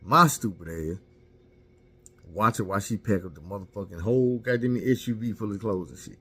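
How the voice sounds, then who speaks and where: A man's voice: fairly low pitch, fairly quick, a bit bright, husky. A man casually telling a candid, profane story about himself and mocking his own mistakes.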